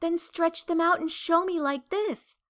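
A woman voicing a bold wild rabbit who teases and scorns, in a higher, brighter voice. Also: measured pace. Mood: teasing. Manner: taunting, lively. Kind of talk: storybook character voice.

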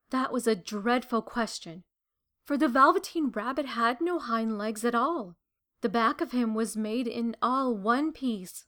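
Woman reading a storybook aloud. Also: fairly high pitch. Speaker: narrator. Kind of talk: storybook read-aloud narration.

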